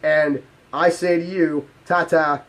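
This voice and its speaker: A man's voice: a little high, level tone, slow. A man hosting his own channel, delivering a heated, profane, exasperated rant to camera. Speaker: channel host. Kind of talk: ranting vlog to camera.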